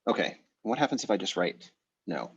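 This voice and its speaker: A man's voice: low voice, very animated, fairly quick, slightly rough. A man teaching an online language class, speaking casually and thinking aloud as he works things out. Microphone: video call. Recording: dull, muffled video call audio.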